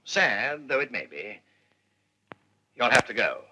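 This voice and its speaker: A man's voice: medium pitch, sing-song, takes it slowly, background noise. A man playing a petulant, bedridden captain who blusters for whiskey and cigarettes in a 1950s British film. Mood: frank.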